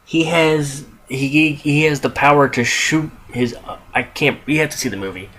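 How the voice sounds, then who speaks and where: A man's voice: on the high side, moderate pace, bright, forceful tone. A young man casually reviewing a film on his podcast, rambling with frequent restarts, asides and casual swearing. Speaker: movie reviewer, podcast host.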